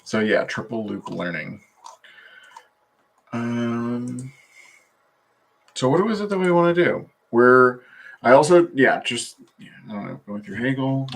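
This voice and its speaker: A man's voice: mid-range voice, vocal fry. A man talking loosely on a solo stream at his computer, meandering with many fillers and trailing thoughts. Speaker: vlogger. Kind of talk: rambling solo livestream talk.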